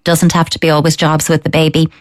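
A woman, calmly and firmly giving parenting advice to listeners, often voicing a child's thoughts. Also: deep voice, quick pace. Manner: calm, firm, explains with acted-out child thoughts. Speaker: parenting expert answering listener letters. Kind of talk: advice on a radio or podcast show.

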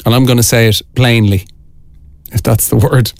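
An upbeat man presenting a radio show in an energetic, sing-song announcing voice. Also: medium pitch, moderate pace, gravelly, pauses often, dry recording. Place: radio studio. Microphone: studio mic.

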